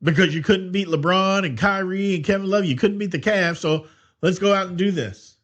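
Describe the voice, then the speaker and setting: A man's voice: high voice, moderate pace, a bit bright, lo-fi sound. A man hosting a sports podcast, giving his opinions in a solo talk full of restarts and "I mean". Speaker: podcast host.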